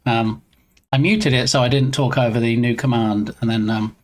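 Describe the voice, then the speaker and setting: Male live streamer, mid-pitched, playful and rambling, bantering with chat at his desk mic. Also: fairly even intonation, normal speed. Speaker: game dev streamer. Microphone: own desk mic.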